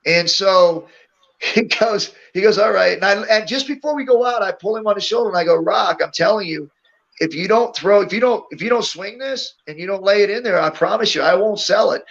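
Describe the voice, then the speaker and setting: A middle-aged man with a fairly high, gravelly voice tells stories casually and laughs along as he talks. The sound is dull and lo-fi, like a remote call. He is a guest being interviewed. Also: a little fast, fairly bright tone. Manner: laughs often while telling stories. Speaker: interview guest, former wrestler. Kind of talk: casual storytelling.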